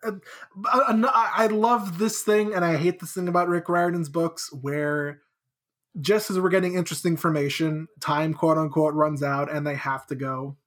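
Chatty co-host recapping a book, acts out the characters, lively and quick. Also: mid-range voice. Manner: animated, acts out characters' lines in quotes. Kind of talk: casual chat recapping a book.

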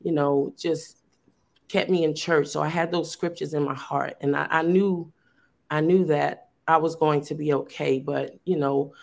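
Over a video call, a woman who teaches and founded a youth program shares at length in a casual, earnest way, full of fillers and restarts. Her voice sits low with vocal fry, keeping a steady tone at a measured pace.

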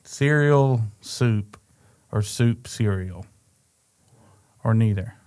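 A man's voice: on the low side, drawn-out words, darkish tone, soft background music. Rambling, playful male co-host. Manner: rambling and playful, often laughing. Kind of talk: casual chat.

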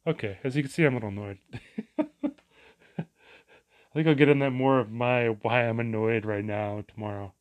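A man's voice: mid-range voice, moderate pace, long pauses. A man vlogging a casual, rambling rant, exasperated and profane, full of restarts and asides.

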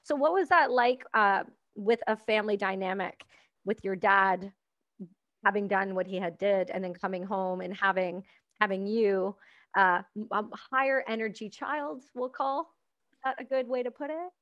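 A woman's voice: medium pitch, moderate pace, a bit bright, no room sound, muffled recording. Give me a woman podcast host, earnest and chatty, recorded dry and close. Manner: earnest, repeats words while gathering thoughts. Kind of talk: conversational interview.

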